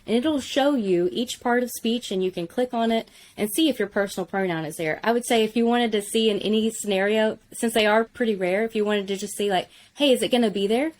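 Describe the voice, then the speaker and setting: A woman's voice: medium pitch, a little fast, few pauses. A woman co-hosting a conversational Bible lesson, explaining in an engaged, casual way. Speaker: co-host, teacher.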